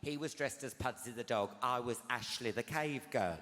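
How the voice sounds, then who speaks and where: Loud laughter fills a roomy live theatre recording as a man in his forties works through a stand-up set on a big stage. His voice sits a little high and moves at normal speed with few pauses. He tells stories animatedly and confidingly, peppering them with tag questions to the audience.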